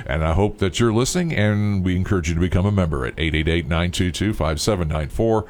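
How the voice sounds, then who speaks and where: Male radio host, deep voice, casual pledge-drive patter. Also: fast, a little mellow, a little hiss or hum. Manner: rambling, filler-heavy.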